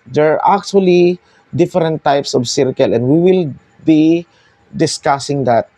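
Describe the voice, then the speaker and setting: Filipino man teaching math, mellow tone. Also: fairly high pitch, no room sound. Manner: code-switching, explaining step by step with pauses. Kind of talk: whiteboard math lesson.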